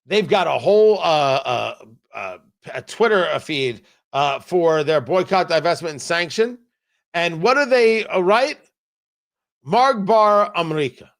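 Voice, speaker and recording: A man's voice: fairly high pitch, sing-song, measured pace, creaky. A man hosting a political commentary show, delivering a combative, sarcastic opinion monologue with emphatic repetition.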